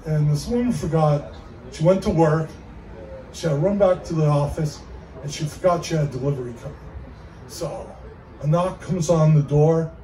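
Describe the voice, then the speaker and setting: A man's voice: on the high side, animated, moderate pace, warm tone. A man telling old corny jokes as a comedian, chuckling at his own punchlines. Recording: echoey room from far off, faint background noise.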